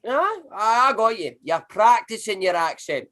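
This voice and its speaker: A brash, slangy working-class Scottish man, played by a woman, who swears freely and talks bluntly. A Scottish accent with a lively, swooping pitch that keeps bouncing around. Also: measured pace. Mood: friendly. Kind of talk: comedy sketch rehearsal on a video call.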